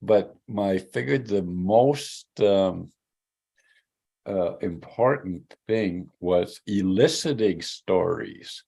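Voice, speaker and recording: A man who hosts as storyteller in residence, chatting casually in a relaxed, joking way. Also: sits low, slow, vocal fry, slightly rough. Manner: relaxed, joking, talks with restarts. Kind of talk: casual conversation.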